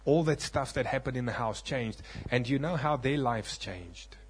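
Husky preacher man telling a testimony. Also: mid-range voice. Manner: dramatic storytelling, acts out voices, swings from loud to hushed. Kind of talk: sermon testimony.

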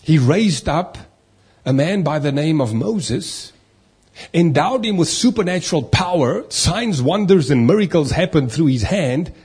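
Husky-voiced preacher, rhetorical and emphatic. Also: male voice, fairly high pitch, lively intonation, measured pace, a little mellow. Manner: preachy, rhetorical questions, acts out complaining voices. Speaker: pastor. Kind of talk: sermon.

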